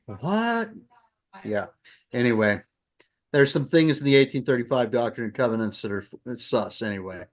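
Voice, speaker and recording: A man's voice: medium pitch, animated, normal speed. Agreeable man chiming in at study. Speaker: study group participant. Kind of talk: casual scripture study discussion.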